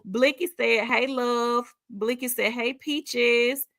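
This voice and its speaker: A woman's voice: a little high, fairly even intonation, slow pace, a bit bright, no echo, studio quality. A middle-aged woman hosting a casual live stream, reading out viewer comments in a chatty, informal way and laughing often.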